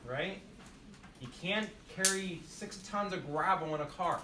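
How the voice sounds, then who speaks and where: A man teaching a nursing class, his voice somewhat high for a man. He talks emphatically, repeating key phrases like a drill and firing questions at the students. He was recorded from a distance in an echoey room with faint background noise. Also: measured pace. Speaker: nursing instructor. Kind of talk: classroom demonstration lecture.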